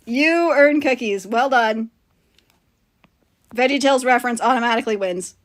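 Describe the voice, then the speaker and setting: A woman's voice: fairly high pitch, normal speed. A woman livestreaming while she draws, chatting casually with her viewers and laughing often. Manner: chatty, giggly, self-mocking. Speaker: livestreaming artist. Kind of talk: casual stream chat.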